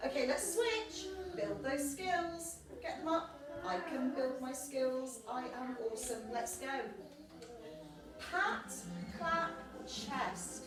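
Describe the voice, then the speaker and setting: A woman teaching a primary school maths lesson, encouraging the children and chanting patterns with them. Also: fairly high pitch. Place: classroom. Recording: echoey classroom from a distance.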